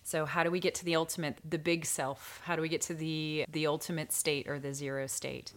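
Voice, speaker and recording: A woman's voice: low voice, flat delivery, a little fast. A woman hosting a spiritual podcast in casual chat, earnest and emotional, laughing often. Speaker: podcast host.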